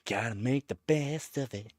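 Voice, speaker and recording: A man's voice: medium pitch, moderate pace, no room sound, studio quality. A man chatting casually on a live stream, telling rambling stories with lots of fillers and laughter. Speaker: live streamer answering chat.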